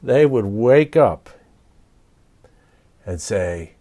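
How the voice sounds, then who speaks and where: A man reading a picture book aloud to children, speaking gently and pausing to ask the young listeners questions. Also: mid-range voice, big pitch swings. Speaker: storyteller.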